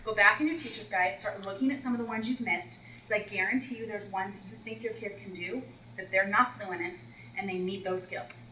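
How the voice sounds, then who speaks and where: A woman's voice: mid-range voice, fairly quick, roomy sound, distant mic, a little hiss or hum, rough recording. A woman teacher coach telling classroom stories to an audience of teachers, acting out the children's voices. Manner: animated, acts out children's voices. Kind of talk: storytelling workshop talk.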